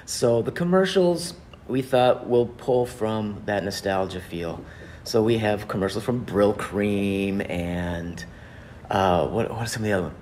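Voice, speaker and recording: A man's voice: on the low side, unhurried, a little mellow, slight background noise. A man, the organizer of a stage show, chatting in an interview in an upbeat way with frequent fillers. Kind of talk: casual interview chat.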